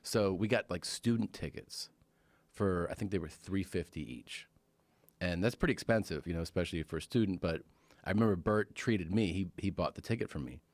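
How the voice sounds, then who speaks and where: A man telling a long story in casual podcast chat, animated, acting out the voices of others. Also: low-pitched, a little fast, no room sound. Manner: animated storyteller, acts out quotes in raised voices. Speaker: podcast guest.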